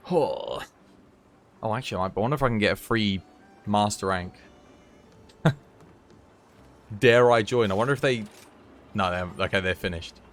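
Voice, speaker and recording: A man streaming live and chatting casually as he plays, given to high giggling fits. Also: moderate pace, pauses often, a bit bright. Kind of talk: live gameplay commentary.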